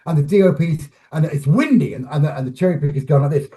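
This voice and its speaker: Man with a high voice telling lively anecdotes. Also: quick pace. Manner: lively, restarts phrases, acts out scenes. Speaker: film director and actor, interview guest. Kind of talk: animated anecdotal storytelling.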